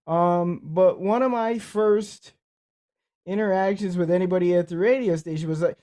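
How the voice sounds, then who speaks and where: A man's voice: high voice, normal speed, dark tone. A man co-hosting a podcast, telling stories in a rambling, casual way, his speech affected by cerebral palsy. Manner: rambling, repeats words and restarts. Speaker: podcast co-host. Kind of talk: casual conversational storytelling.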